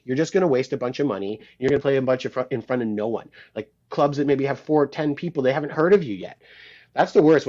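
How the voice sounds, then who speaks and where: Quick-talking man on a dull lo-fi line. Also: medium pitch. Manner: animated, acts out quoted dialogue, swears casually. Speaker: guest musician, guitarist and producer. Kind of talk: casual interview storytelling. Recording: dull lo-fi sound.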